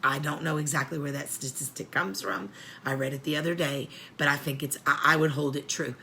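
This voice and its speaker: A middle-aged woman with a low, sharp-toned voice hosts a support show for families of prisoners, speaking fairly quickly in a steady tone. She gives heartfelt advice earnestly, choking up as she repeats her points, over a faint hiss or hum.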